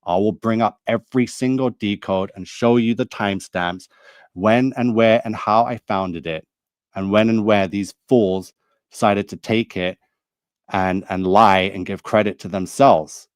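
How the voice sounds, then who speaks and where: A video creator with a lowish voice delivers a heated, accusing monologue to camera, repeating himself as he lays out his grievances to his audience. There's no room sound on the recording.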